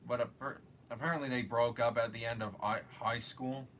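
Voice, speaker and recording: A man's voice: medium pitch, fairly even intonation, fairly quick, fairly bright tone, a little hiss or hum. A man hosting a live show, chatting casually and hesitantly, trailing off and restarting his sentences. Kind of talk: casual rambling commentary.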